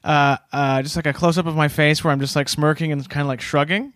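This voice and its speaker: A man's voice: on the high side, fairly even intonation, fast talker, fairly bright tone. A man co-hosting a comedy podcast, talking in an easygoing, hesitant way with many fillers. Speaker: podcast co-host. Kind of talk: casual comedy podcast chat.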